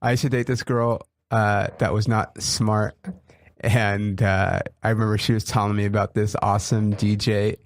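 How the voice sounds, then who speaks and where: A young man hosting a casual podcast, a comedian telling animated stories and acting out quotes with laughter. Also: on the low side, moderate pace, no room sound, clean studio sound. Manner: animated storytelling, acts out quotes, laughs often. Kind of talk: casual chat.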